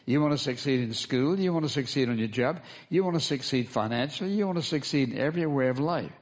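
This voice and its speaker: A man's voice: mid-range voice, lively intonation, fast talker. A man as pastor, preaching a sermon, calling for responses from the congregation and repeating key phrases for emphasis.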